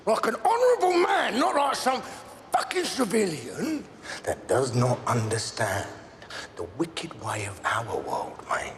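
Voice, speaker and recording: An actor playing a volatile middle-aged London gangster with a London accent, rambling, swearing and breaking into shouts. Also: male voice, a little high, huge pitch swings, unhurried, exaggerated voice. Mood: furious. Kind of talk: television drama acting. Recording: long reverb, faint background noise.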